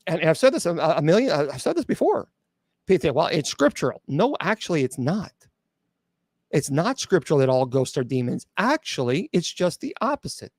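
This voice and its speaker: A man's voice: on the high side, big pitch swings, a little fast, darkish tone, dry recording, clean studio sound. A middle-aged man hosting a live call-in show as a bishop, answering chat questions bluntly and sarcastically, with many restarts and filler sounds. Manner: blunt and sarcastic, mocking doubters in mimicked voices. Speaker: radio show host and exorcist bishop.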